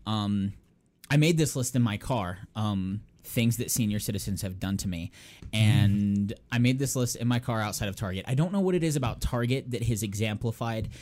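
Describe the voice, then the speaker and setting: Lively young man telling a story. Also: fairly low pitch, normal speed. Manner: animated storyteller, laughs and acts out quotes. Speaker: podcast co-host. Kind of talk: casual storytelling chat.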